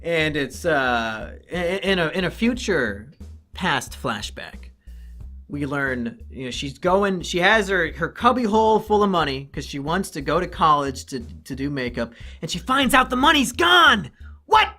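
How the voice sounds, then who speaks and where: A man's voice: on the high side, big pitch swings, measured pace, sharp tone, soft background music. A man giving a comedic review in a profane, rambling, sarcastic way.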